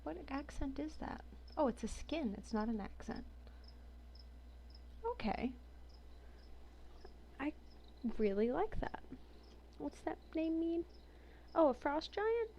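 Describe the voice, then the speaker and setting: Browsing a game collection, a woman reads entries aloud and adds amused, casual comments in between. She speaks slowly with long pauses in a high, mellow voice with lively intonation, over a muffled recording with slight background noise.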